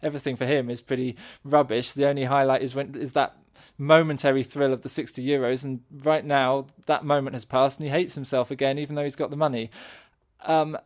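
A man's voice: medium pitch, level tone, brisk. A man in casual podcast chat, thinking aloud and searching for his words. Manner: thoughtful, searching for words, many restarts.

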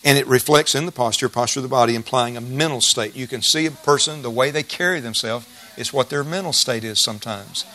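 A man's voice: medium pitch, fairly quick, few pauses, pushed and bright. A middle-aged male pastor preaching a sermon in a folksy, emphatic way, repeating key phrases.

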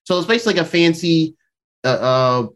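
Brisk and animated, the host's voice is fairly high with some brightness. He acts out character lines while loosely recapping the episode, full of filler words and frequent laughter.

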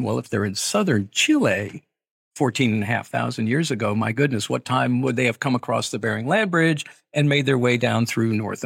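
A middle-aged man, an archaeologist, answering interview questions in a measured, explanatory way with hedging asides. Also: medium pitch, creaky, a bit bright, husky, dry recording, studio quality. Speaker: archaeologist guest.

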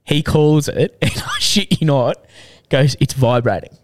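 A man's voice: a little high, takes it slowly. Swearing Australian man telling stories. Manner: swears freely, animated anecdotes with acted quotes. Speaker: podcast co-host. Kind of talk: casual storytelling chat.

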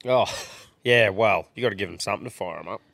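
A laid-back, profane Australian man hosting a podcast, chatting casually at a middling pitch. The sound is dry and close. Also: fast, vocal fry, a bit bright, no echo. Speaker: podcast host. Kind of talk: casual banter.

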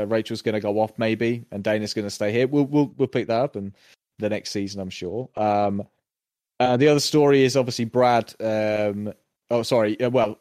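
A man's voice: fairly low pitch, a little mellow, no echo, studio quality. Man casually recapping a TV episode. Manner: rambling, acts out characters' lines.

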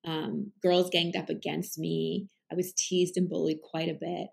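A woman coach talks through her ideas on a podcast in a conversational interview. Her voice has a noticeable vocal fry, and she explains earnestly, with frequent fillers and restarts. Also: fairly low pitch, little pitch movement, unhurried, a little mellow. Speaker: life coach, podcast guest.

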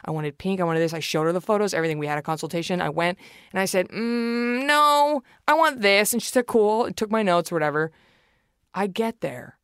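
A woman's voice: lowish voice, fast talker, clean tone, no echo. A woman in a casual podcast chat, venting with blunt swearing and self-mockery. Her delivery is emphatic and frank. The sound is close and dry, with no room around it.

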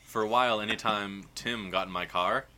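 A man in his thirties co-hosting a podcast, trading sarcastic, deadpan jokes in casual banter and laughing often. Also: on the low side, a little fast, a little hiss or hum. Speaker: podcast co-host.

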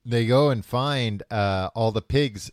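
Speaking slowly at a medium pitch, a podcast host casually walks through a book's plot, stumbling through fillers and restarts and performing the characters' dialogue. The sound is clean studio audio with no echo.

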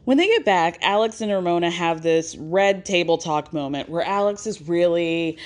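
A woman hosting a casual chat show, recapping events in a chatty, animated way and acting out the lines she quotes. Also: on the low side, moderate pace. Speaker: podcast host recapping a reality show.

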